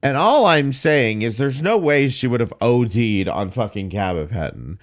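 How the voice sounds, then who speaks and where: Sarcastic man with a lively voice. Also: medium pitch, normal speed. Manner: sarcastic, profane, skeptical asides. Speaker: commentary host. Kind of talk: reaction commentary.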